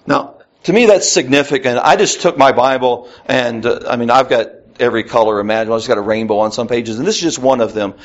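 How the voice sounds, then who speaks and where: A man's voice: mid-range voice, normal speed, muffled recording. A man preaching a conversational Bible lesson, reading verses aloud with rising emphasis between casual asides. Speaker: pastor. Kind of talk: Bible teaching sermon.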